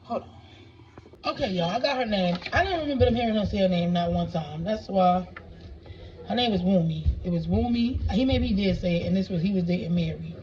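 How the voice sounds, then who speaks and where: A woman's voice: mid-range voice, fairly quick, darkish tone. A woman casually recapping a movie at home for her viewers, rambling with many restarts and talking straight to them. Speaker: movie reviewer. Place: home with children nearby. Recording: distant, dull mic with faint background noise.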